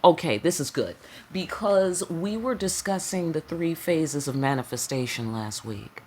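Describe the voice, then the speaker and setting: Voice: medium pitch, expressive, measured pace, a little mellow, slight background noise. A tarot reader giving a casual spiritual reading, talking in an emphatic, repetitive way with slang and frequent check-ins with the listener. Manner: slang-laced, preacherly delivery.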